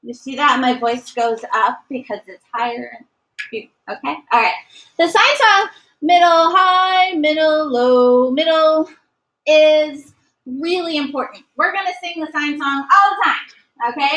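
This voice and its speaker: A woman's voice: high voice, pushed and bright, low-quality recording. A woman teaching a math lesson to a class, encouraging and sometimes singing short note patterns. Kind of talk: classroom lecture.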